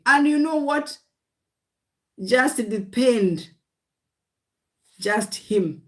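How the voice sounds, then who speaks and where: A woman's voice: a little high, expressive, very slow, pauses often. A woman preaching a livestream sermon. She speaks in short, repeated exhortations and often calls her listeners "guys.". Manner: speaks in short declarations of faith.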